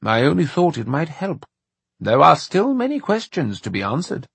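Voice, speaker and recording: A man's voice: a little high, wildly swooping pitch, moderate pace, vocal fry, fairly bright tone, slightly rough, no room sound, pitched above the performer's own voice, exaggerated voice. A man voicing a tense, guarded old inventor with clipped speech, in an audiobook. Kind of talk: audiobook narration.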